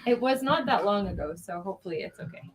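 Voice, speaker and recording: A woman hosting a live-streamed art auction, chatty and quick to laugh, calling bids and prices. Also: medium pitch, lively intonation, a little hiss or hum, low-quality recording.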